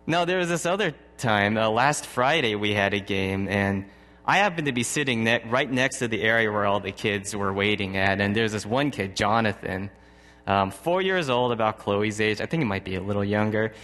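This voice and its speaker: A man's voice: on the low side, moderate pace, a bit bright. A man in his thirties preaching a sermon, telling a personal story in a conversational way and chuckling often. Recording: long hall reverb.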